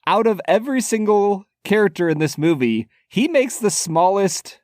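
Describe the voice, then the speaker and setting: A high-pitched, very animated male voice, a little mellow and at normal speed, comes through in studio quality with no room sound. He's a podcast co-host in casual chat, teasing and playful.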